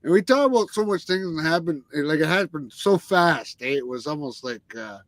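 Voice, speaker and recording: A man's voice: on the high side, expressive, a little fast, no room sound. A man, a guest musician, telling stories in a rambling, casual way, often swearing and restarting and tagging lines with "eh". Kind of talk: casual storytelling.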